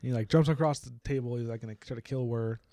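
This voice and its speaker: Brief: young male book podcaster, gravelly and mellow, chatty, giggles through his recap. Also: medium pitch, quick pace, no room sound, clean studio sound. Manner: laughs often while retelling, uses "like" a lot. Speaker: podcast co-host. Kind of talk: casual book discussion.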